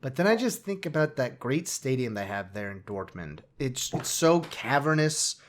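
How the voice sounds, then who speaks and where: A man's voice: medium pitch, sing-song, moderate pace. Man, podcast co-host, casual football chat, chatty, rambling, self-deprecating. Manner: chatty, self-mocking, trailing off.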